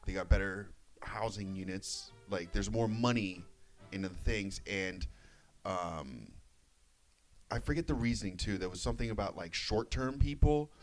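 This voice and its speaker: A man's voice: lowish voice, expressive, moderate pace, soft background music. A young man, a podcast co-host, telling a long story in casual chat, swearing freely and acting out what people said. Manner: rambling storyteller, swears freely, acts out quotes.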